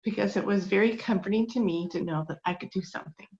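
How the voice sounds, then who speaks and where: Fast and a little mellow, this middle-aged woman's medium-pitched voice carries a heartfelt testimony of faith. She is earnest and emotional, struggling against tears, and the recording is dull and lo-fi.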